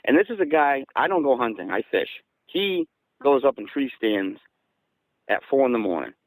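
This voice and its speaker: Guest storyteller, man from southeastern Massachusetts, mid-pitched, dry close sound, animated. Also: moderate pace, no echo, low-quality recording. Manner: excited, gets louder and higher when quoting. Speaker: guest recounting an encounter. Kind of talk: casual storytelling.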